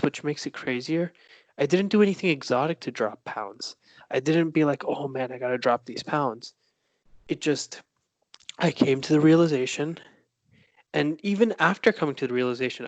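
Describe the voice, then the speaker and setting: A man co-hosting a casual podcast over a video call, talking candidly and reflectively, his voice hoarse from laughing. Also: medium pitch, no echo. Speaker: podcast co-host.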